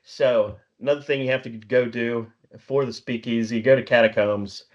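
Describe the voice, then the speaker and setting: A middle-aged man chats casually as a podcast co-host, rambling through stories at a mid-range pitch. He chuckles often and slips into acted-out dialogue. The recording sounds a little dull and lo-fi. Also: fairly even intonation, moderate pace. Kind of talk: casual chat.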